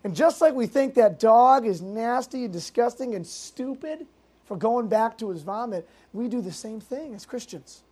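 A youth pastor from Massachusetts preaching to teenagers, telling stories in a lively way with fillers and quick asides. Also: mid-range voice, slightly rough. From Massachusetts, United States. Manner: lively storytelling with fillers and self-interrupting asides. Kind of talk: youth group sermon.

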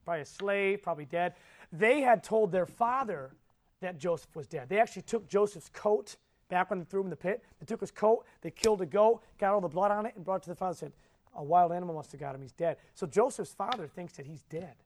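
A man delivering a sermon in a notably high voice. He tells the story with animated energy, drops to a hush and then bursts out loud, and keeps asking his listeners questions. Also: brisk, slight background noise. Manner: swings between soft and loud. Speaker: preacher.

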